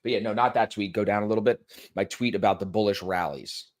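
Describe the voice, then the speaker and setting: A young man co-hosting a casual chat, telling self-mocking stories and rattling off quick promo patter. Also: on the low side. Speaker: co-host. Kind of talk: casual chat, plugging a stream.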